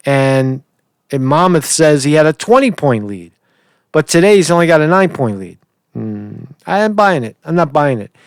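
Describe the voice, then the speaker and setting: A man's voice: fairly high pitch, very animated, moderate pace, no echo, studio quality. A man giving casual political commentary, rambling and opinionated, who often repeats words and restarts sentences.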